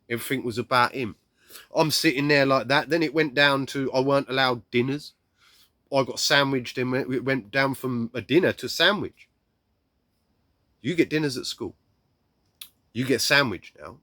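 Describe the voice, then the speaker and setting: A man telling a raw personal story bluntly, swearing heavily and acting out shouts and quoted lines. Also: mid-range voice, no echo.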